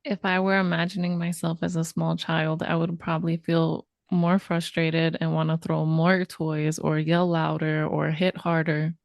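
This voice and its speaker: Smooth-voiced woman podcast co-host. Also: low-pitched, flat delivery, measured pace, few pauses, dry recording, studio quality. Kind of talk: casual podcast chat.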